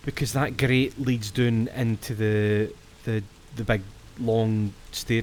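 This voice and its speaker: A Scottish man with a fairly low voice talks his way through a horror game on stream. He rambles casually, thinks aloud and swears when something startles him. A faint hiss sits under the recording. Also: fairly even intonation, moderate pace. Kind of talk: let's-play commentary.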